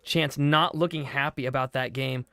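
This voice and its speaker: A man hosting a live stream, commenting on play and reading out the chat with quick asides. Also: medium pitch, gravelly, smooth, no room sound. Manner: excitable, reads chat aloud, quick asides. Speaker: livestream host and commentator.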